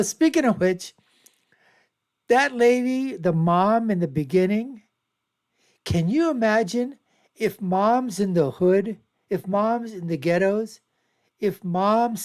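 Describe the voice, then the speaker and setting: A man hosting his own show, giving rambling, repetitive, emphatic commentary on video clips. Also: high-pitched. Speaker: show host.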